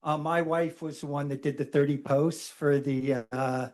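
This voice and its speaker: A man speaking at public comment at a town council meeting, halting with many fillers as he asks measured questions. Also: on the high side, steady tone, a little mellow.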